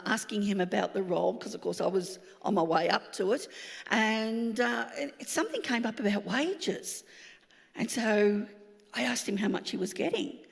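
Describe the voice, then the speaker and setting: A woman, a pastor telling a lively personal story in a sermon, acting out the dialogue. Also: mid-range voice, creaky, in a large hall. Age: 60s.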